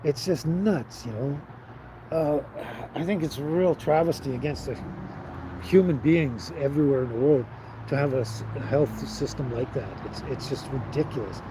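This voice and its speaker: A man's voice: medium pitch, moderate pace, background noise. A man hosting a casual live stream, rambling and chatting with viewers by name. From Canada. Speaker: livestream host.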